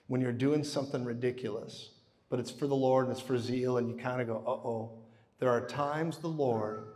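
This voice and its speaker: A man preaching a live sermon who tells the story with animation, swinging from hushed to booming. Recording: reverberant hall.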